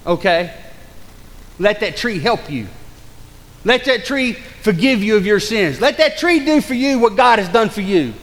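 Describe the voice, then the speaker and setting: Male pastor, high voice, urgent-to-hushed sermon delivery, big church reverb. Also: very animated, a little slow, long pauses. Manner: swings between loud urgent preaching and low hushed warnings; acts out excuses in mocking quoted voices. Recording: long hall reverb.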